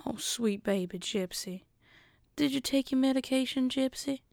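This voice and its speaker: A woman's voice: sits high, moderate pace, gravelly, a little mellow, no echo, studio quality, pitched above the performer's own voice. A woman putting on the voice of a sickly-sweet, controlling country mother with a coaxing drawl. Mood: syrupy.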